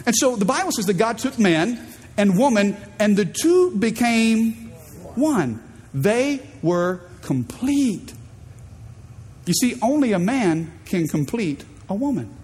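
A man's voice: high-pitched, big pitch swings, measured pace, a little mellow, husky, big-room sound. A man preaching a sermon as pastor, emphatic, prompting the congregation to repeat words back. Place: large church auditorium.

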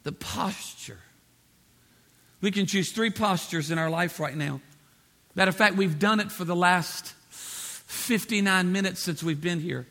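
A man's voice: sits high, normal speed, pushed and bright. A man preaching a sermon, driving points home with emphatic repetition and acting out the voices of the people he quotes. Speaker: pastor.

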